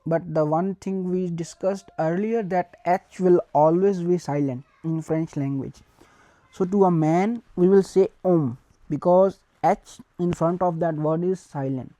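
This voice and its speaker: A woman with a lowish, mellow voice teaches a beginner language lesson, with no echo in the sound. She goes slowly, repeating each word and spelling it out letter by letter.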